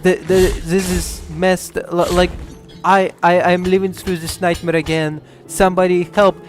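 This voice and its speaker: A man's voice: sits high, flat delivery, faint music behind, voice pushed up. A man voicing a frightened, haunted young German woman in a put-on German accent, pleading shakily for help. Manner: shaky, halting pleas for help.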